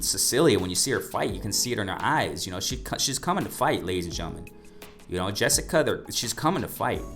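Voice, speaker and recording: A man hosting a boxing channel, giving rambling, casual commentary full of fillers and repeated "ladies and gentlemen". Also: on the low side.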